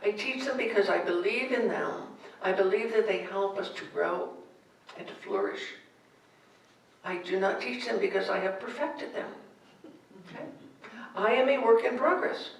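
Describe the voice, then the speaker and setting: A woman spiritual director giving a gentle sermon in a church sanctuary, heard from far off in an echoey hall. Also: mid-range voice, gravelly. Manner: gentle, storytelling, unhurried.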